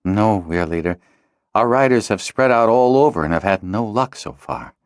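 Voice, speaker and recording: A man's voice: lowish voice, animated, moderate pace, clear, resonant tone, no room sound, clean studio sound, pitched above the performer's own voice. A man reading an audiobook, voicing a miserable male wing leader who pleads and protests. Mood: pleading. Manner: pleading, apologetic. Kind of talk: audiobook character voice.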